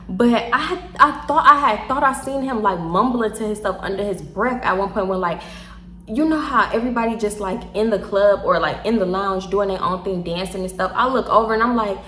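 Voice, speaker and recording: A young woman with a Houston accent, a little tipsy, telling a story casually and acting out the quotes, with frequent laughs and swearing. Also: medium pitch. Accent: Southern US, Houston. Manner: animated, laughs often, swears freely, acts out quotes. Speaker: storytime vlogger. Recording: echoey room.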